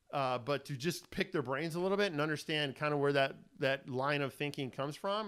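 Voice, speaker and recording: A middle-aged man talks through self-help advice in a casual monologue. His voice is smooth and resonant at a middle pitch. He rambles a little, earnest and fatherly. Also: a bit bright. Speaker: host.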